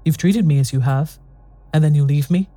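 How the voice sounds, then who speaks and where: A narrator voicing a proud, quick-tempered young wife who pleads and then lashes out in a quarrel. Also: mid-range voice, soft background music, lightly acted. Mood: bitter. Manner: pleading, then sharp and bitter. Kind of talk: audiobook dialogue reading.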